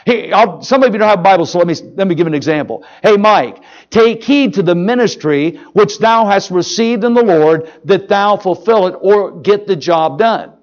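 A man preaching a sermon in a church, in a folksy, animated way, often asking the congregation questions. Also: high voice, normal speed, hardly any pauses, lo-fi sound. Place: church sanctuary.

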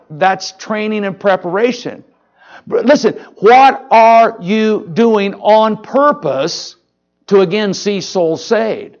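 A man preaching a sermon in a church, in a folksy, animated way, often asking the congregation questions. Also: high-pitched, takes it slowly, highs cut off. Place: church sanctuary.

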